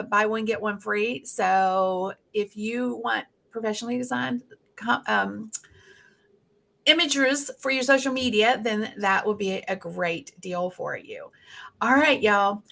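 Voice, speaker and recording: A woman's voice: a little high, vocal fry, fairly bright tone. A woman with a Southern accent hosting a casual interview, chatty and folksy, with plenty of fillers. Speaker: host.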